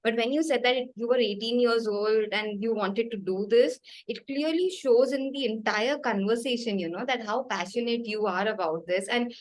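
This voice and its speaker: A woman's voice: on the high side, moderate pace, hardly any pauses, slight background noise, low-quality recording. A woman hosting an interview, effusive and enthusiastic in casual chat. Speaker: interview host.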